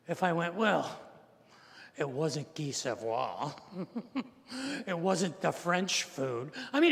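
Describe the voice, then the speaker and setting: Older male pastor, high voice, animated storyteller who acts out each character, in a long-echoing church hall. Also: vocal fry. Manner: animated storyteller acting out the people in his story. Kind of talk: storytelling sermon. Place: church sanctuary.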